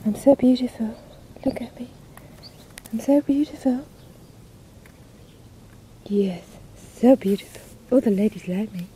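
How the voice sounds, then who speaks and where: A woman doing a smug vain tomcat bragging slowly, kinda high voice, garden sounds faint behind. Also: mellow, slight background noise, lightly acted. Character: vain, smug male house cat. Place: garden, outdoors.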